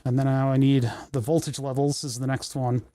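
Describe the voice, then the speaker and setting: A man's voice: mid-range voice, little pitch movement, brisk, warm tone, no room sound. A man hosting a casual livestream from his home workshop, rambling and talking to himself as he works through menus on a desk mic. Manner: rambling, talks to himself while fiddling with menus. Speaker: livestream host. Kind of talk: casual livestream chat while working. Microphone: desk microphone.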